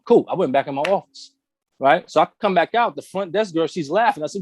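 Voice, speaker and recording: A man's voice: on the high side, animated, quick pace, no room sound. A man co-hosting a casual discussion, talking in an emphatic, impassioned way, full of slang and rhetorical questions. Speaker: podcast co-host.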